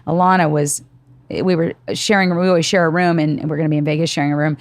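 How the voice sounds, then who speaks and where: This podcast host, a middle-aged woman, talks quickly in a low-pitched voice with no echo. She's an animated storyteller in casual conversation, voicing quotes and swearing occasionally.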